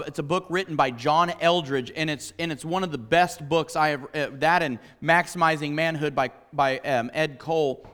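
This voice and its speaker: A man, a pastor, preaching alongside his wife and telling animated stories that act out his own reactions. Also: fairly high pitch, big-room sound. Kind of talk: sermon shared with his wife.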